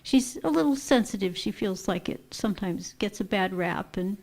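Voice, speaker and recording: A woman's voice: medium pitch, expressive, moderate pace, gravelly, a little mellow. A woman politely checking a detail with a speaker at a gathering. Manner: polite, clarifying.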